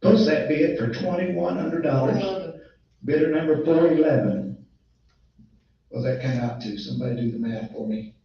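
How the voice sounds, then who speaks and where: A man runs a land auction in a big echoing hall, heard from a distance through a dull, muffled recording. His voice is a little strained, and he moves between plain folksy talk and a fast, rhythmic bid chant. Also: medium pitch. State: strained voice from illness. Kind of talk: livestock-style auction chant and announcements.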